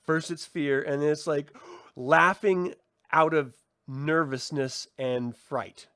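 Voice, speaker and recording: A man giving a casual review of a TV episode, excitable and gushing, swearing freely and filling his talk with "like". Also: on the high side, slow pace, dry recording, studio quality. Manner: excitable, swears, many "like" fillers. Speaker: TV series reviewer. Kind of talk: casual video review commentary.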